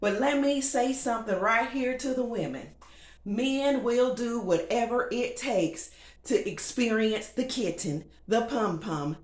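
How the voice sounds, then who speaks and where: A sassy woman host talks straight to her viewers in a casual monologue. Her voice sits on the high side, lively and laughing, and it carries a roomy echo. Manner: sassy, animated, laughs often. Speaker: show host. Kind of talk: casual talk-show monologue.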